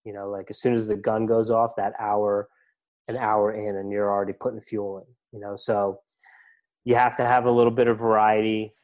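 A man's voice: fairly low pitch, level tone, a little fast, darkish tone. A middle-aged man talking casually as a podcast guest, rambling with lots of fillers and restarts. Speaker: ultramarathon runner and coach, guest.

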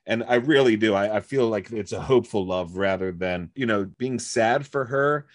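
A man's voice: on the low side, normal speed. A man co-hosting a podcast, sharing his take on songs in casual chat, hesitant, with many fillers and restarts. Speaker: podcast co-host. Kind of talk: casual music review chat.

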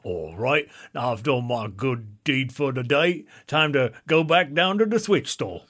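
A man's voice: medium pitch, animated, unhurried, a bit bright. A man voicing a kindly but smug passerby in a clumsy put-on accent. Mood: benevolent.

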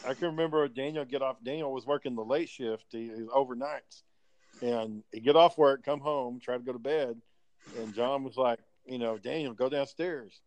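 Relaxed mid-pitched man swapping stories. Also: normal speed, no echo. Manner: relaxed storyteller, swears casually. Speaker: podcast host. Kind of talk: casual chat among friends.

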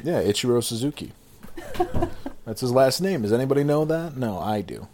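Podcast co-host, man, animated pitch, rambling and giggly, casual profanity. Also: normal speed, slight background noise. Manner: rambling, laughs often, profane. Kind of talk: casual chat.

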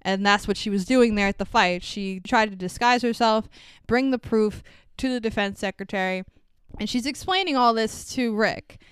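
A woman casually recapping a movie, swearing freely and acting out the characters' lines with lively energy. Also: medium pitch, clean tone, no echo. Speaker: podcast co-host.

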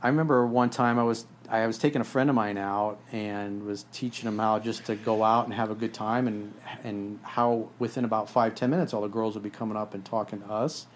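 A man's voice: lowish voice, fairly even intonation, brisk, few pauses. A man hosting a podcast, telling stories in a blunt, profane, casual way. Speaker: podcast host.

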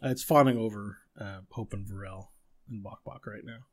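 A man's voice: on the low side, normal speed. A man narrating as game master, describing scenes with fillers and restarts.

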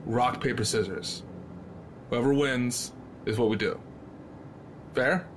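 A man's voice: medium pitch, takes it slowly. A man with a mid-range voice pushes his ideas eagerly as he plays a tabletop game. Light noise hums behind him. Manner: eager, persuasive. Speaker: player. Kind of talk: tabletop role-play.

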